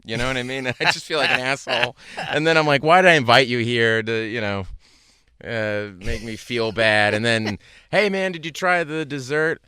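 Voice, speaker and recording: A man as a podcast guest, chatting in a halting, self-deprecating way with lots of restarts. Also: mid-range voice, fairly even intonation, bright, forceful tone, smooth, no echo, clean studio sound. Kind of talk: casual chat.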